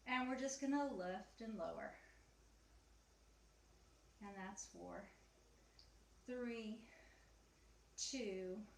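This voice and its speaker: Drawing out her words with vocal fry and long pauses, a woman of medium pitch and lively intonation coaches a beginner Pilates mat session at home. She's slightly breathless, chatty and encouraging as she cues movements and counts repetitions. The recording echoes, with faint ambient sound.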